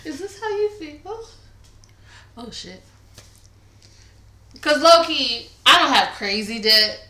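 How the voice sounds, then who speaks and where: A young woman co-hosting a casual podcast chat, frank and quick to laugh, swearing casually. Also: high voice, very animated, pushed and bright. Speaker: podcast co-host. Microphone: studio mic at a table. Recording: roomy echo.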